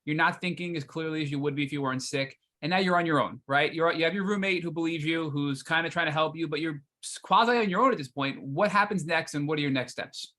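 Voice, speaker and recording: A male podcast host with a bright, slightly high voice. He talks emphatically, sums up the guest's story and acts out what the other people in it said before he asks his next question. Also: fast talker, few pauses. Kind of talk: interview questions.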